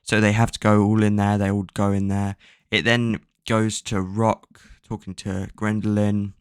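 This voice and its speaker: A man's voice: on the low side, little pitch movement, moderate pace, smooth, no room sound, studio quality. A man casually recapping a book's plot, rambling with lots of fillers and offhand swearing. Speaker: book recap vlogger.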